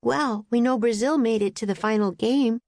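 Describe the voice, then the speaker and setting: Curious, bright young girl, a woman voicing her for a kids' storybook, eager delivery. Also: a little high, normal speed, no echo, clean studio sound, voice pushed up, natural voice.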